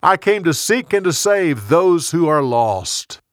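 A man voicing Jesus as a calm, earnest grown male teacher in a storybook reading. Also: fairly high pitch, slow, dry recording, clean studio sound, pitched above the performer's own voice. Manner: earnest, instructive.

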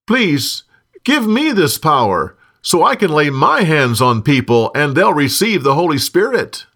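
A man's voice: very animated, a little slow, fairly bright tone, full character voice. A man voicing a desperate former sorcerer who begs in a raised, strained voice. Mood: pleading. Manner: begging, high and strained.

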